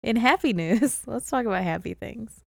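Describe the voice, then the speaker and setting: A woman's voice: fairly high pitch, animated, moderate pace, gravelly, a little mellow, dry recording, clean studio sound. A woman from the Chicago area co-hosting a podcast in casual chat, wry and laughing often. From Chicago area, USA. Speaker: podcast co-host.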